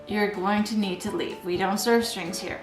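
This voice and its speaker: A woman voicing a stern male bartender turning a customer away, in a slightly lowered voice. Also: steady tone, moderate pace, close to an everyday voice. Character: gruff male bartender refusing service. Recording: echoey room, faint background music.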